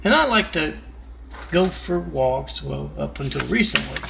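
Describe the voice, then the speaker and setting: Man from Louisiana, gravelly, slightly high voice, rambling parable monologue, dull lo-fi home recording. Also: lively intonation, noisy background. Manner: halting, with restarts and repeated self-introductions. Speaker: self-styled parable teller. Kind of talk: rambling monologue with imagined callers.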